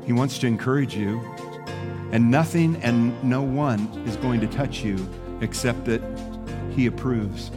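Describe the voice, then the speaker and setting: A man's voice: mid-range voice, a little slow, music in the background. A male pastor preaching a sermon, telling a story and then earnestly encouraging his listeners.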